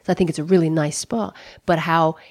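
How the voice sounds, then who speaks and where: A woman's voice: deep voice, steady tone, fairly quick, a little mellow, no echo, clean studio sound. A middle-aged American woman telling a personal story, candid and profane, with lots of "like" and "you know". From United States. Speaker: comedian guest.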